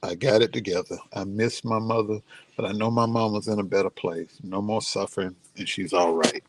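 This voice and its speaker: Speaking outdoors near his home, a middle-aged male vlogger tells a personal story in a casual, heartfelt and grieving way, then offers encouragement. His voice is lowish with fairly even intonation and a slightly fast pace.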